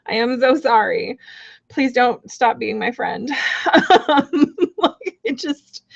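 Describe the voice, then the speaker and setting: Brief: woman, casual live-stream card reader, giggly and rambling, slightly dull lo-fi audio. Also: a little high. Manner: giggly, apologetic, rambling with many fillers.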